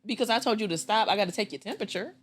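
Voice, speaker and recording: A woman hosting a podcast, telling stories in casual chat with profanity and acted-out quotes. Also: very fast. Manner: animated, profane, acts out quotes in a jumping pitch. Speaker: podcast host.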